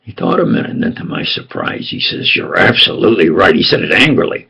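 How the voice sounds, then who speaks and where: In a slow, deliberate, rambling monologue about his life, a self-styled preacher and storyteller speaks with a tough New York accent and a deeply rough, gravelly voice. He's an older man whose pitch rises and falls in lively swings as he insists on his points conspiratorially; the audio sounds dull.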